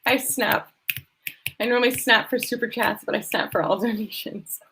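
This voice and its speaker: A woman's voice: fairly high pitch, fairly even intonation, moderate pace, vocal fry, bright, forceful tone, breathy edge, poor audio. A woman hosting a casual live stream from a hotel room, emotional and effusive as she thanks her viewers. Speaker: livestream host.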